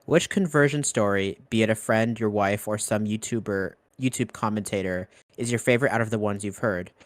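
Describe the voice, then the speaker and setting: A man's voice: lowish voice, a little fast, no echo. A young man hosting a Q&A, reading audience questions aloud and adding short comments. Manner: reads questions aloud, then adds brief comments.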